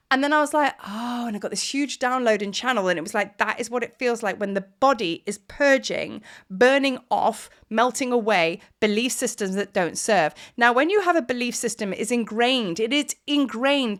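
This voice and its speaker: A woman, giving a casual, animated spiritual energy talk as a teacher, laughing now and then. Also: fairly high pitch. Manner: chatty, animated, often asks "do you know what I mean".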